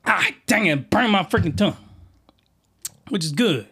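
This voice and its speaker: A man hosting a comedy podcast, reviewing a comic in a slangy, rambling monologue with sudden shouted outbursts. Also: moderate pace, pauses often, breathy edge. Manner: animated, jumps into high-pitched shouted outbursts; slangy, rambling, with many restarts.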